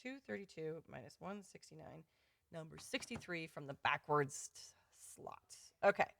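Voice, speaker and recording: A woman's voice: fairly low pitch, expressive, normal speed, vocal fry, fairly bright tone, dry recording. A woman hosting a casual livestream for her students, chatty and effusive, laughing often. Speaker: course host running a live giveaway. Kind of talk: casual livestream talk to viewers.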